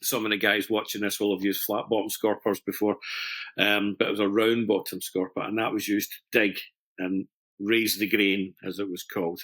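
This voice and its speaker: A man's voice: on the low side, level tone, moderate pace, a bit bright. A middle-aged man, a master stone setter explaining a jewellery technique in chatty, self-deprecating conversation, with restarts and fillers.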